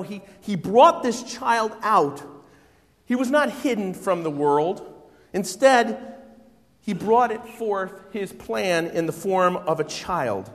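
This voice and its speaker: A middle-aged man preaching a sermon, swinging between hushed, reflective passages and loud, exclamatory bursts. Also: a little high. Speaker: pastor. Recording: long hall reverb.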